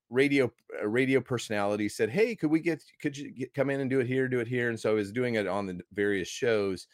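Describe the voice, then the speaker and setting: A man's voice: on the low side, dry recording, clean studio sound. A middle-aged American man, a guest movie critic, telling his story in a rambling, enthusiastic way. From United States. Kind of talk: casual interview talk.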